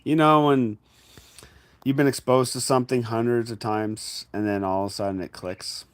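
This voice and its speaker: A man giving a casual spiritual talk in a reflective, conversational way, addressing the listener directly and sometimes bursting into loud acted-out inner voices. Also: mid-range voice, fairly even intonation, normal speed, clear, resonant tone. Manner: acts out inner voices with sudden loud exclamations. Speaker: spiritual teacher.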